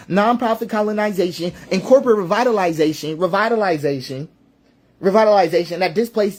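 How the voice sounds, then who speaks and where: A man's voice: very high voice, darkish tone. Man, social commentator, talking straight to the audience in a heated monologue. Hammering, repetitive delivery with rhetorical questions. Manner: emphatic and rhetorical, repeats phrases, lists for effect; stops and restarts mid-sentence when building a point. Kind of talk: impassioned spoken monologue.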